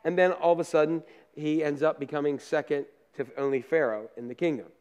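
A pastor preaching a sermon in a conversational storytelling way, with down-to-earth asides, moving between loud bursts and quiet remarks. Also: male voice, fairly high pitch, steady tone, fairly quick, clear, resonant tone, highs cut off.

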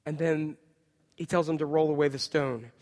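Male pastor, sermon delivery, dynamic loud-to-hushed, high pitch, long reverb. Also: steady tone, moderate pace. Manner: dynamic preaching, swinging from loud emphatic to hushed.

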